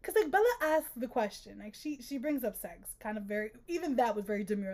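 A woman co-hosting a casual book-discussion podcast, animated and laughing as she acts out quotes from the book. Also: on the high side, fast talker, hardly any pauses. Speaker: podcast co-host.

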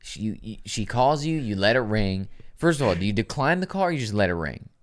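Brief: male podcast host, low voice with wide swings, profane, laughs a lot. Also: sing-song, a little fast. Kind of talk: casual podcast chat.

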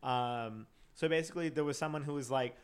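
In a clear, resonant mid-range voice, a man briskly reads a true crime case from notes on his casual podcast. The chat is full of stumbles, restarts and frequent laughter.

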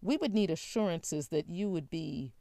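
A woman's voice: fairly low pitch, animated, normal speed, vocal fry, mellow, dry recording, studio quality. A woman reading the lines of a nervous grown son who hesitates and stammers. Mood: cautious.

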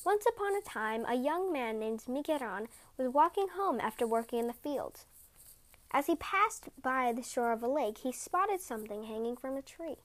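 A woman podcast host reading folk tales aloud in a gentle, measured way. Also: high-pitched, lively intonation. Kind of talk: storybook reading.

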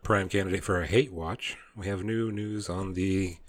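Deep-voiced man, dry and laid-back. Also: fairly even intonation, normal speed. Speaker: podcast host reading news. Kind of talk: casual chat.

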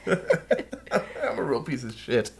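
A man's voice: on the high side, gravelly, slightly rough. A man co-hosting a podcast in casual chat, profane and laughing, calling everyone dude. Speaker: podcast co-host.

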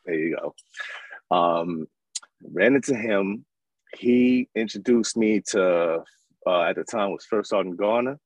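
A man in his thirties from New York, telling his life story as an interview guest in an animated, casual way. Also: on the low side, slow pace, dry recording, poor audio. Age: 30s. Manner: animated, acts out voices in his stories.

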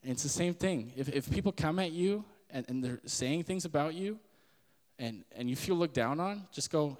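A man's voice: on the high side, lively intonation, moderate pace, a little mellow, long reverb tail. A man in his twenties giving a casual spoken sermon as a podcast host, earnest and conversational. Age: 20s. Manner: earnest and conversational, with frequent laughs and fillers.

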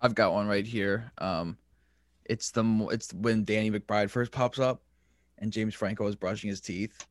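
A man's voice: on the low side, measured pace, no room sound. Young man, dry close casual voice. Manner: relaxed, laughs while retelling scenes. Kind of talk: casual chat.

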